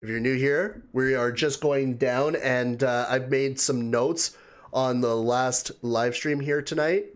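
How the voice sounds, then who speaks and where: A man's voice: mid-range voice, fairly even intonation, slow pace. A man hosting a casual livestream, chatting and laughing as he greets viewers and reads their comments aloud. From Canada. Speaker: livestream host. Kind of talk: casual live chat reading viewer comments.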